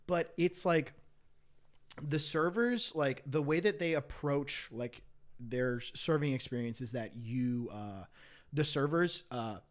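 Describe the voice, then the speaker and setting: A young man in casual podcast chat, blunt, swearing freely, with quick agreement. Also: mid-range voice. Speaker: podcast host.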